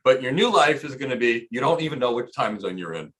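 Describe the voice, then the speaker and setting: A man's voice: mid-range voice, lively intonation, fast talker, a bit bright. An American man hosting a live career talk, coaching viewers in an emphatic style and repeating key points for punch. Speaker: host and cloud architecture instructor.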